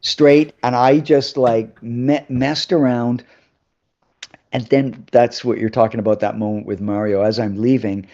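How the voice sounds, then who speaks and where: A man tells a story as a guest on a live interview show, full of energy and acting out the voices of the people in it. His pitch sits in the middle range. The sound is a little dull and lo-fi, as if it comes over a video call. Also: measured pace. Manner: lively anecdotes, acting out other people's voices.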